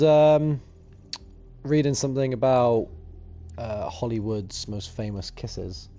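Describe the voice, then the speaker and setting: A man's voice: lowish voice, warm tone. A young man co-hosting a let's play, cracking cheeky, boisterous jokes in casual gaming chat.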